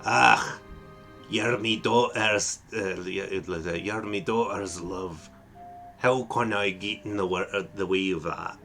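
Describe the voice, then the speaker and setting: A blustery, warm-hearted old dad with a put-on Irish lilt and a hearty laugh, as a man reads him out from a game. The voice sits low and gruff. Faint game music plays behind. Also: measured pace, heavily acted. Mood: jovial. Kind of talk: reading game dialogue aloud.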